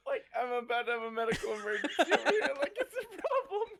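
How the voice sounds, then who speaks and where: A woman cracking jokes as a player in a streamed tabletop game. Her voice leaps across a very wide range as she laughs and shouts. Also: on the high side, big pitch swings, fast, slight background noise. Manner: loud, joking, laughing.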